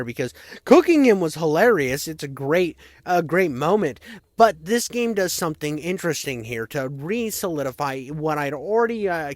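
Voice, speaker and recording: A man reviews an old shooter in loose, casual commentary. He talks in a slightly high voice, full of crude, profane jokes and side rants. The recording sounds dry and close. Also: no room sound. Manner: crude, profane, fast riffing asides. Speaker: game reviewer. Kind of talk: casual retro game commentary.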